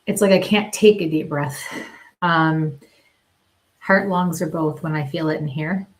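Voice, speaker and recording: A woman working as a medium, giving live psychic readings and talking haltingly with many pauses and small laughs. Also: deep voice.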